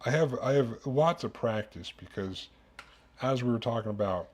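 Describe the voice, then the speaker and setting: A man's voice: medium pitch, expressive, moderate pace. A man streaming himself cooking at home, chatting in a rambling way that keeps breaking off and restarting. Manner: rambling, self-interrupting storyteller. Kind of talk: casual chat while cooking. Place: home kitchen. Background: kitchen dishes and cutlery clatter.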